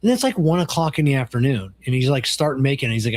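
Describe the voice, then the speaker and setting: A middle-aged man in loose podcast conversation, his voice at an ordinary middle pitch. He tells stories with animation, acting out the lines of others, and swears freely. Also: racing, few pauses. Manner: animated storyteller, acts out quoted dialogue, swears freely. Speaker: podcast co-host. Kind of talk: casual chat.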